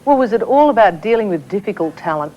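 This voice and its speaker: A woman's voice: medium pitch, expressive, fast talker, lo-fi sound. Bubbly talk-show host woman.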